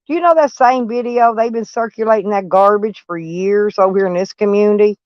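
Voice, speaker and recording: Woman vlogger, blunt drawl, smooth voice, close dry lo-fi recording. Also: medium pitch, brisk, dry recording. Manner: blunt, drawling, repeats herself. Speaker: van life vlogger. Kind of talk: casual live-stream chat. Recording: dull lo-fi sound.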